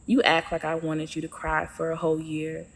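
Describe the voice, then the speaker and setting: A woman voicing Pain as a calm, nonchalant male figure in a spoken short story. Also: deep voice, moderate pace. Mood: soft, earnest.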